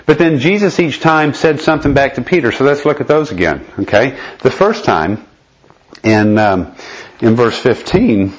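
A man's voice: medium pitch, lively intonation, normal speed, husky. A man leading a conversational Bible study lesson, explaining step by step and often checking in with his listeners. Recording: dull lo-fi recording.

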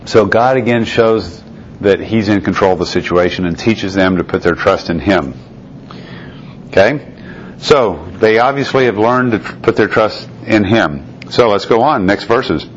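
Guy with a really deep voice doing bible study, reads verses then talks em through, kinda muffled lo-fi recording. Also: a little slow. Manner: reads scripture aloud, then explains it in a conversational tone. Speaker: Bible teacher. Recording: dull lo-fi recording with faint noise.

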